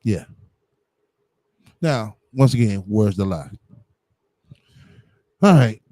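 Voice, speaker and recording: A man's voice: on the low side, animated, extremely slow, dark tone, no room sound. A man giving blunt, profane livestream commentary, heavy on slang and fillers. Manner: blunt, combative, heavy on slang and "you know what I'm saying".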